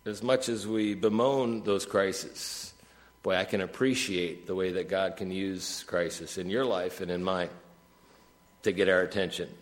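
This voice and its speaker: A man preaching a sermon as pastor, reading scripture with rising emphasis and dropping to quiet, conversational asides. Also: deep voice, fairly even intonation, measured pace. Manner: rises to emphatic peaks when reading scripture, drops to soft asides. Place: church sanctuary.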